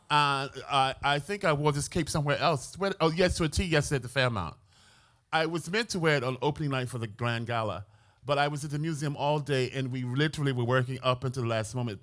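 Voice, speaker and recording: An American man speaking as curator on a museum panel, flamboyant and theatrical in manner. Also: a bit bright. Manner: flamboyant and theatrical, swooping pitch. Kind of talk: lively panel talk. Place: museum event hall with audience.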